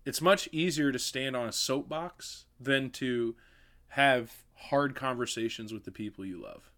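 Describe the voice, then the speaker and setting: A man's voice: medium pitch, unhurried, fairly bright tone. A young man co-hosting a faith podcast, talking earnestly and encouragingly. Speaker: podcast co-host. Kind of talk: casual chat.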